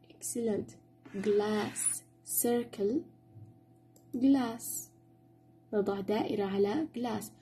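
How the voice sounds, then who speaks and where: A woman teaching a children's English lesson, repeating words slowly and clearly and praising answers. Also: on the high side, mellow. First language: Arabic.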